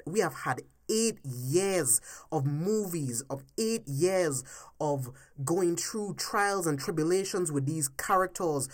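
A woman hosting a solo podcast, ranting heatedly and with lots of swearing, swinging between low mutters and loud outbursts. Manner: heated, profane, emphatic ranting. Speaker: podcast host.

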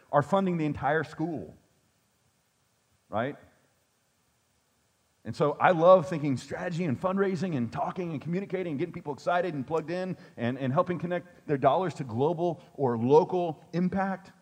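A man's voice: fairly high pitch, a little mellow. Joking, conversational male pastor. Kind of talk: sermon.

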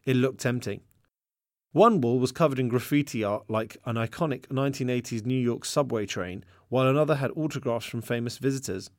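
A man reads his own novel aloud in first person, with lively storytelling at a medium pitch. The recording is very dry and close, with no room sound. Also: brisk, dry recording. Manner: lively storytelling with voiced dialogue. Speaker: author reading his own book. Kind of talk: first-person audiobook narration.

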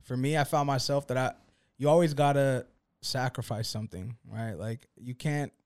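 A man's voice: mid-range voice, moderate pace, darkish tone, clear, resonant tone, dry recording, studio quality. Laid-back slangy man on a podcast. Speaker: podcast co-host. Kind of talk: casual chat.

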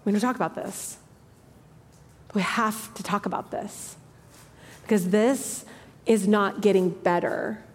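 A woman in her thirties preaching a sermon with passion, moving between hushed, soft lines and emphatic ones. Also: mid-range voice, steady tone, unhurried. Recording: long hall reverb.

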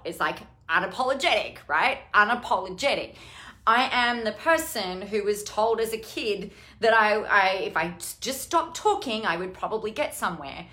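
A woman's voice: medium pitch, normal speed, a bit bright. A middle-aged woman coach talking casually on a live stream, chatty and rambling, with some casual swearing. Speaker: online business coach.

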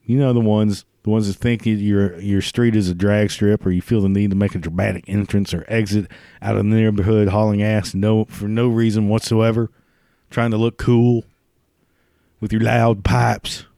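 A man's voice: on the low side, level tone, normal speed, gravelly, dark tone, no room sound, studio quality. Man ranting, crude and swearing. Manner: crude, swears constantly, laughs at his own jokes. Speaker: ranting commentator. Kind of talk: profane comedic rant.

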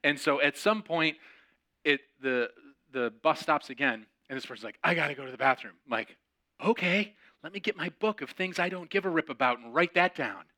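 A man's voice: a little high, brisk. A man hosting a podcast, telling a personal story as a sermon and acting out the voices of the people in it. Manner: animated, acts out quoted voices. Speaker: podcast host and preacher.

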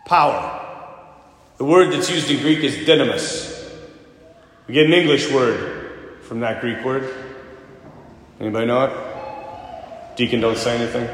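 A man's voice: medium pitch, measured pace, pauses often. Emphatic preacher man in an echoey church. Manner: emphatic, rhetorical questions, storytelling. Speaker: priest. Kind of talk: sermon. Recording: echoey church with long reverb.

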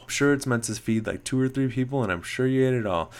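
Male podcast host, average pitch, playful teasing delivery. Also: fast. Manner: teasing, laughing at his co-host. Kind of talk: casual podcast chat.

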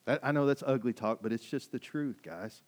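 Emphatic male preacher, mid-pitched. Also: brisk. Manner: emphatic, conversational preaching with rhetorical questions. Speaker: pastor. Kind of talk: sermon.

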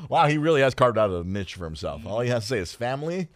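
A man's voice: medium pitch, very animated, a little fast, a bit bright, dry recording. A man co-hosting a casual podcast chat, joking around and slipping into silly voices. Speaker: podcast co-host.

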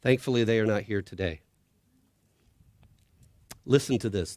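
A man's voice: on the low side, unhurried, long pauses, no echo. A middle-aged man and father of grown children reading a story aloud with drama to an audience. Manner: expressive, dramatic read-aloud.

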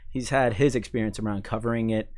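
Low-voiced man, halting and filler-heavy. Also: fairly even intonation, darkish tone. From Chicago, raised in Maine. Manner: halting, many fillers and restarts, laughs easily. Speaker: sports information staff, podcast guest. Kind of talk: casual interview chat.

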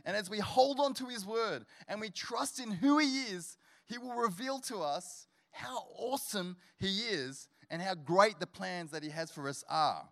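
A man's voice: high voice, unhurried, vocal fry, few pauses. Storytelling male preacher. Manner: storytelling, humorous, builds to energetic exhortation. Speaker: guest pastor. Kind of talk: sermon. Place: church service.

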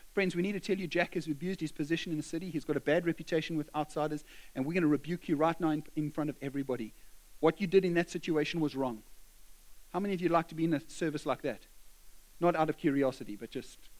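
A pastor delivering a sermon in a high, bright-pitched man's voice. He preaches with animation, slipping into quoted back-and-forth dialogue to make his point. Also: low-quality recording.

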